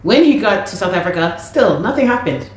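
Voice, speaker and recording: A woman from Canada, a musician, giving an animated and exasperated account of a dispute, with many restarts. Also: mid-range voice, brisk, slight background noise. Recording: very echoey room.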